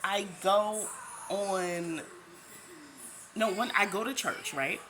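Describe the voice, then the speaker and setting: A woman's voice: medium pitch, slow pace, fairly bright tone, slight background noise, low-quality recording. A woman telling her faith testimony as a casual, chatty personal story. She repeats herself often and laughs now and then. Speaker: vlogger sharing a faith testimony. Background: background music.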